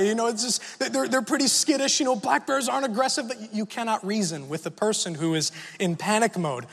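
A man with a high-pitched voice delivers a sermon, telling a personal story in an easy, conversational way. He often turns to ask the listeners questions. His voice rings out with the long reverb of a large hall. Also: fairly quick, creaky, few pauses, fairly bright tone, husky. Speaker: preacher.

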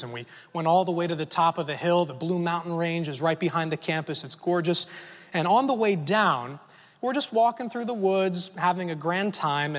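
A man preaching a sermon and telling a personal story in a relaxed, conversational way, often asking the audience questions. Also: on the high side, big-room sound.

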